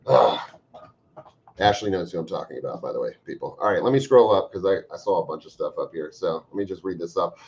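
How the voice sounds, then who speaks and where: A man hosting a livestream, chatting casually and reading out viewer comments with profane, joking bursts of loud emphasis. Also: deep voice, lively intonation, fast talker, few pauses. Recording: slightly dull lo-fi stream audio.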